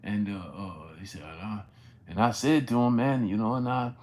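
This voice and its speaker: A man's voice: fairly low pitch, moderate pace, darkish tone. A man hosting a sports livestream, telling a story in a rambling way with many fillers and restarts, and greeting chat viewers by name along the way. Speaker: sports channel host.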